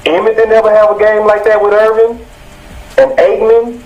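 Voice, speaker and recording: A man co-hosting a sports talk show, reciting game stats in a deliberate way. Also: high voice, level tone, a little mellow. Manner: stat-citing, deliberate. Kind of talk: casual sports chat. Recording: slightly dull lo-fi audio.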